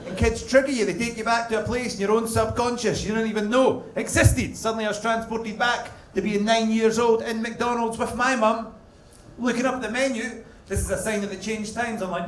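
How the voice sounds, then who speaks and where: A Scottish man performing a crude stand-up comedy set, telling stories deadpan and hitting punchlines loudly. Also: high voice, fairly quick, noisy background. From Scotland. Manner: crude, deadpan storytelling with sudden loud punchlines. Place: comedy club stage. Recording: roomy club sound with audience laughter. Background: audience laughter.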